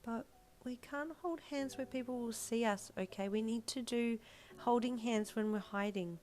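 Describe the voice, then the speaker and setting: A woman's voice: moderate pace, darkish tone, lightly acted. Woman doing a squealing four-year-old girl. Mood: shy whispering. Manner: high, squealing childlike voice. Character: bossy, sweet little girl of four.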